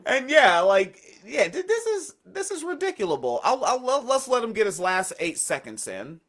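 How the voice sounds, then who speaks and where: A man's voice: very high-pitched, huge pitch swings, normal speed, fairly bright tone. A man co-hosting a casual radio chat, blunt and profane, with a sarcastic, ranting way of talking. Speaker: co-host.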